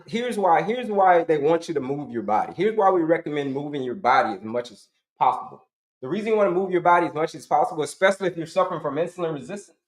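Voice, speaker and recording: A man's voice: a little high, roomy sound. A middle-aged man giving an emphatic, repetitive health coaching talk, asking and answering his own questions to the audience.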